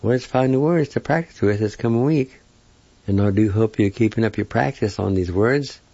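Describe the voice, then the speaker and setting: A man teaching a language lesson, spelling words out letter by letter and pronouncing them slowly, syllable by syllable. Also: fairly low pitch, dark tone, no room sound, dull audio. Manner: slow, careful, syllable-by-syllable pronunciation.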